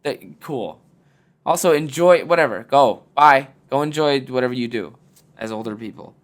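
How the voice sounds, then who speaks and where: A man's voice: medium pitch, moderate pace. A young man hosting a podcast, giving blunt, profane, jokey advice in casual chat. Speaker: podcast host. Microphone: podcast mic.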